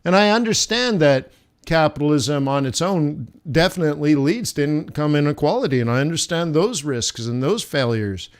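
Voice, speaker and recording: Brief: male livestream host, smooth and slightly high voice, rambling and self-mocking. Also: expressive, normal speed. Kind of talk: casual livestream chat.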